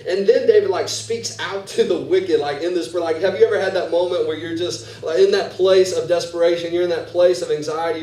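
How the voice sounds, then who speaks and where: A man's voice: high voice, mellow, reverberant, distant mic, rough recording. A pastor preaching a sermon, earnest and repeating words as he builds each point. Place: church sanctuary.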